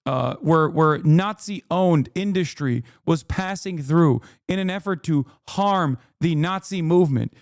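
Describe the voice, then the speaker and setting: Hoarse man ranting on a livestream. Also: a little high, a little slow, hardly any pauses, dry recording, clean studio sound. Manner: profane, exasperated ranting. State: losing his voice. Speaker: livestream host. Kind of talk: heated reaction commentary.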